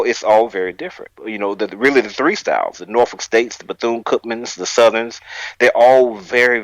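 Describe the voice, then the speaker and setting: A man on a podcast panel who lays out a measured argument at length. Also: medium pitch, dry recording, low-quality recording. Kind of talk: casual panel discussion.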